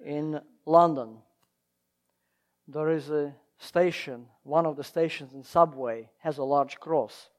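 A man preaching a sermon, swinging from emphatic, loud lines to hushed ones, with slightly non-native phrasing. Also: a little high, takes it slowly. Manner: emphatic, rising and falling in volume.

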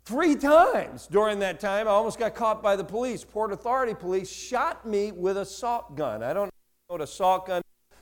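A man in his sixties from the Newark, New Jersey area gives his sermon testimony, acting out dialogue with animated, self-mocking humor. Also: high voice, moderate pace. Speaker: preacher giving his testimony.

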